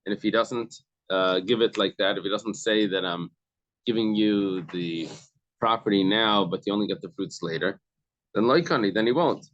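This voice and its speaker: A man's voice: lowish voice, a bit bright, no room sound, muffled recording. Man explaining a text to a study group. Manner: reads text then explains it plainly, with fillers and restarts. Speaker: Talmud class leader.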